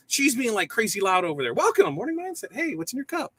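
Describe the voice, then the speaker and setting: A middle-aged man hosting a casual live morning show from a small print shop, energetic and upbeat, greeting viewers by name. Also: high voice, fast talker, slightly rough. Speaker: livestream host.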